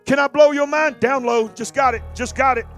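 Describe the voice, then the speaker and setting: A man preaching a sermon, swinging from low conversational talk to shouted, sung preaching. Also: fairly even intonation, moderate pace, soft background music.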